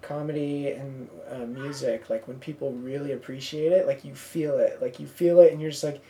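This is a young woman hosting a podcast with a notably low voice. She chats casually and wanders through her stories, stacking up "like" and "um". There is faint noise behind her. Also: fairly even intonation, normal speed, mellow. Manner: rambling storyteller, lots of "like" and fillers. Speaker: podcast host. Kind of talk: casual chat.

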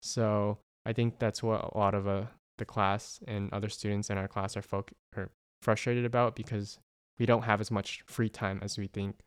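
Casting: young male med student, even, smooth delivery, earnest and reflective, casual chat. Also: lowish voice, normal speed, hardly any pauses. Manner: earnest, reflective, thinks out loud with restarts. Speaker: medical student. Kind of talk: casual conversation.

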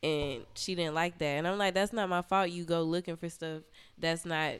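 On a podcast, a young adult woman guest casually recounts an explicit story, animated, profane and heavy on "like." She has a lowish, smooth voice and talks at normal speed.

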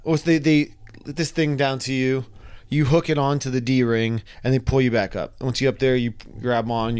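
A young man casually telling a wild personal story, animated, sometimes acting out his own panicked screams. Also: mid-range voice.

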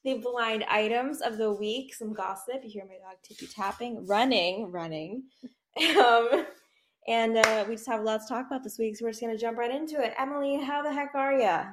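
A woman's voice: fairly high pitch, slight background noise. Chatty woman hosting a gossip podcast. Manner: chatty, quick to jump between topics. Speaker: podcast host. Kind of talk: casual gossip chat. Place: home.

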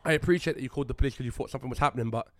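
Fast-talking man, dry close sound. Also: mid-range voice, no echo. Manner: animated, swears a lot, heated retelling. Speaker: podcast co-host. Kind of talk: casual storytelling chat.

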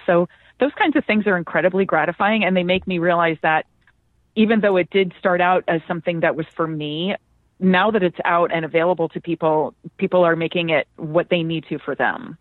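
A woman's voice: lowish voice, a little fast, dry recording. A woman author as a podcast guest, speaking thoughtfully with hesitations and easy laughter. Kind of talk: casual interview chat. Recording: phone-like remote line.

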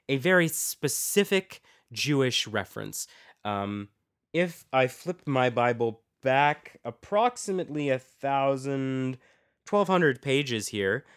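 A man's voice: mid-range voice, fairly bright tone, clear, resonant tone. A man hosting a podcast, teaching informally on scripture, musing aloud and posing rhetorical questions to his listeners. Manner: reads scripture aloud with dramatic emphasis. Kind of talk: informal lecture with Bible readings.

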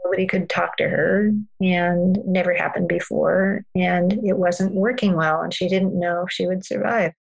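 Woman guest, low gravelly voice, flat, earnest storyteller. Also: moderate pace, hardly any pauses, dull audio. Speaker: parenting guest expert. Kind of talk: storytelling in a podcast conversation.

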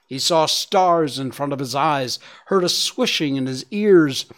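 A man narrating a story aloud in an expressive audiobook style. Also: on the high side, measured pace.

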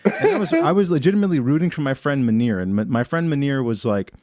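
A young man on a podcast tells a story in loose casual chat, swearing freely and putting on voices for the people in it. His pitch swings widely. The sound is dry and close to the mic. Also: very animated, fast, darkish tone, no echo. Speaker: podcast co-host.

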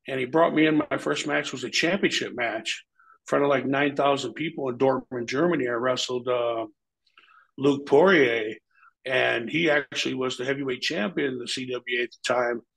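A man's voice: medium pitch, normal speed, gravelly, poor audio. A man guest in an interview, telling stories casually and animatedly, laid-back and profane. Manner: animated, acts out quoted voices. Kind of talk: casual storytelling.

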